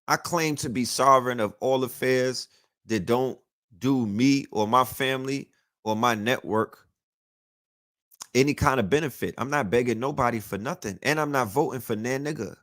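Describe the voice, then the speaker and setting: A man's voice: medium pitch, normal speed, fairly bright tone, dry recording, clean studio sound. Profane, emphatic man ranting casually. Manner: loose, profane, emphatic rant with many restarts. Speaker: podcast host. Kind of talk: casual monologue.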